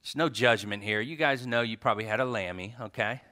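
Bright, clear-voiced man telling stories. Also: lowish voice, a little fast. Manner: storytelling, swings between loud animated bursts and soft asides. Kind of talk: heartfelt tribute speech to a congregation.

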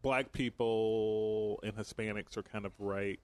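A man's voice: fairly low pitch, fairly even intonation, measured pace, darkish tone, no echo. A man co-hosting a podcast in casual chat, careful and fond of citing figures. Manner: careful, cites figures, fact-checking. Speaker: podcast co-host.

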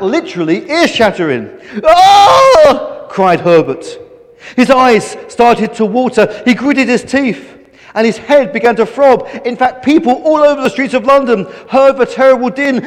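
A man reading a children's story aloud with animated, playful emphasis. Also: extremely high pitch, moderate pace, long reverb tail.

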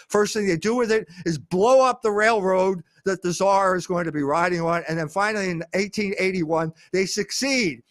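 An older man speaking as a guest, lecturing on history in an emphatic way, with frequent pauses on "uh". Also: sits high, no echo, clean studio sound.

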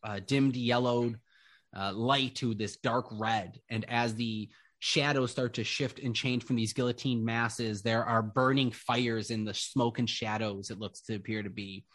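A man narrating a tabletop game as game master, describing scenes slowly with lots of fillers. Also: mid-range voice, steady tone, a bit bright. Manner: slow, descriptive, rambling with fillers.

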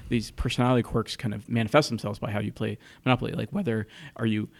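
A man speaking in casual chat at a middling pitch, feeling his way through sentences with pauses and restarts. His tone stays relaxed and conversational. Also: creaky. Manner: hesitant, many fillers and restarts.

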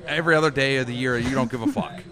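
A man chiming in with blunt, profane quips on a comedy panel. His voice sits at a medium male pitch. He talks in easy, casual chat. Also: pushed and bright. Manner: blunt, profane, quick reactions.

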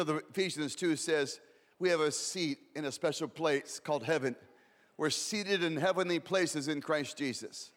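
A man's voice: fairly high pitch, in a large hall. A man preaching a sermon with passion, repeating words and building in rising waves.

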